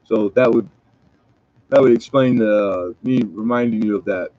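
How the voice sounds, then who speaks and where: A man's voice: lowish voice, normal speed, a little mellow, dry recording, muffled recording. A man from Southern California rambling and joking with profanity in a casual late-night livestream chat. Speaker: livestream host.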